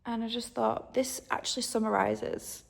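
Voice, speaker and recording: A woman in her thirties talking casually to her camera in a diary-style vlog, chatty and openly emotional, sometimes dropping to a hushed near-whisper. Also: on the high side, steady tone, moderate pace, vocal fry. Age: 30s. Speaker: vlogger. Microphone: handheld camera.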